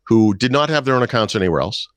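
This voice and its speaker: A man's voice: mid-range voice, animated, quick pace, no room sound, clean studio sound. A middle-aged man and podcast co-host, telling wry anecdotes in casual chat. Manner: storytelling, wry, puts on voices in anecdotes.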